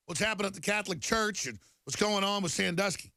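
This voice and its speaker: A man's voice: sits high, fast, few pauses, sharp tone, no echo. A middle-aged man hosting a talk show, delivering a heated, repetitive monologue to viewers while reading headlines.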